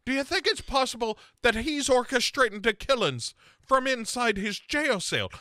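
A man voicing a pushy young woman in an exaggerated high falsetto. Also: sing-song, normal speed, pushed and bright, dry recording, studio quality, full character voice. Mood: prying.

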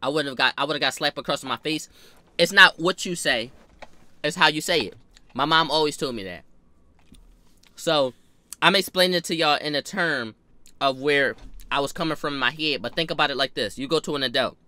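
Bright, punchy man telling a story. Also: on the high side, normal speed, long pauses. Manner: animated, slangy, profane, repeats himself for emphasis. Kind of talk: casual storytime.

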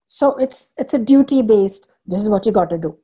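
Mellow, husky woman teaching scripture. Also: mid-range voice, lively intonation, normal speed. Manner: emphatic, repeats key phrases for stress; explains terms in English as she goes. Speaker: spiritual teacher. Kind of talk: scripture class lecture.

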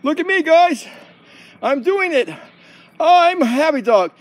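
A boastful dog proclaiming his might in a chanting, sing-song voice, as a man puts him on. The voice sits high and bounces with lively swings of pitch. It is recorded outdoors in a backyard. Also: unhurried. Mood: cheerful. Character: bold male dog, self-proclaimed mighty captain.

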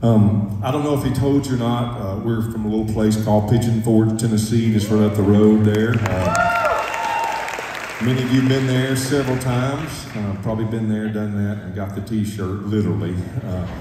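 A man's voice: on the low side, fairly even intonation, moderate pace, very noisy. Folksy man in an echoey hall. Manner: folksy, joking, stirs the crowd up. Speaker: gospel quartet singer speaking to the audience. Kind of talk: stage talk between songs. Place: church concert hall. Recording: echoey hall, distant mic, crowd.

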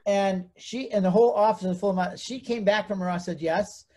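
Male guest, storyteller, acts out quoted voices, animated. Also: high voice, a little fast.

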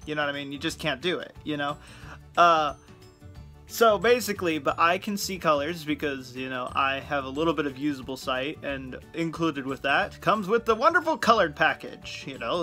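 A young man talks casually to his viewers, joking and chatting as he explains things. His voice sits a little high and sounds bright and forward. Faint music plays underneath. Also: expressive, moderate pace. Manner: joking, chatty, laughs at own jokes. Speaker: vlogger host. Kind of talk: casual talk to camera.

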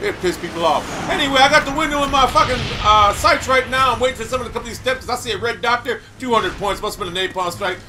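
A loud, hyper man giving boastful, trash-talking commentary over his gameplay. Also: very high voice, expressive, fast talker, hardly any pauses, background noise. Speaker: gamer.

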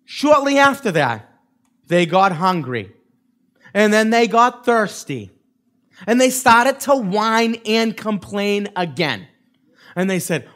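A man's voice: high-pitched, slow pace, pauses often. A male pastor preaching a sermon, acting out the voices of the people in his story and checking in with okay and right. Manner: animated, acts out quoted voices of the crowd; repeats okay and right to the congregation.

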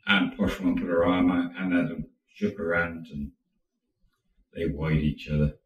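Deep-voiced man telling a story. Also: moderate pace, dull audio. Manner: chatty, animated retelling. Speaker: storyteller, channel host. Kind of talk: casual storytelling. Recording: roomy, distant mic.

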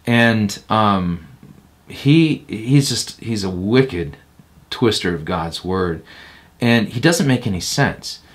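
A man's voice: fairly low pitch, lively intonation, slow. A man who is a pastor, answering interview questions in a blunt, emphatic and critical way. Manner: emphatic and blunt, slipping into mocking quotes of others.

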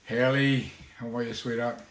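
A man hosting a casual livestream from his home, talking in a rambling, halting way with many fillers. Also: medium pitch, reverberant, over loud music. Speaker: musician hosting a weekly livestream.

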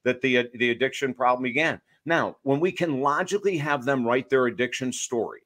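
A man's voice: medium pitch, a little fast. A man, an author and addiction counselor, talking emphatically in a podcast interview and telling stories to make his points. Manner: emphatic, storytelling, lively asides.

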